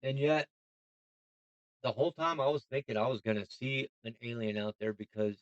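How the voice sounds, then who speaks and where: A man hosting a reaction video, talking casually, getting excited and swearing as he thinks aloud. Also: medium pitch, normal speed, dry recording, lo-fi sound.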